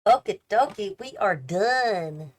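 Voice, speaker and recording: A woman's voice: medium pitch, animated, takes it slowly, soft background music. A tired, yawning woman chatting casually as she builds a house in a game, thinking aloud and questioning her own choices as she goes. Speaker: host of a gaming channel.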